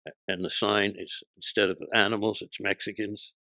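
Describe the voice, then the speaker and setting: A man in his sixties, a comedian guest, telling stories in casual chat with a punchy, profane delivery and quick character voices when he quotes people. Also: lowish voice, little pitch movement, sharp tone, dry recording, clean studio sound.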